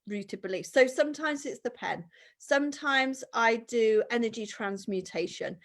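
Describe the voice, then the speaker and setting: A woman chatting as a guest, animated and acting out the voices of people she quotes. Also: a little high. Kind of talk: casual conversation.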